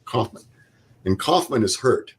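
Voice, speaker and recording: A man's voice: medium pitch, expressive, measured pace, slightly rough. An older man, a veteran guest, telling a vivid step-by-step war story and acting out the dialogue. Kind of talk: interview storytelling.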